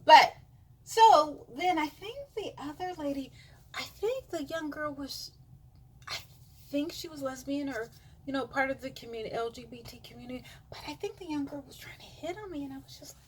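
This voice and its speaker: A woman's voice: high-pitched, darkish tone, a little hiss or hum. A middle-aged woman telling a rambling personal story to her camera, full of fillers, dropping to a whisper when she quotes other people. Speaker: vlogger. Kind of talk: casual storytelling monologue.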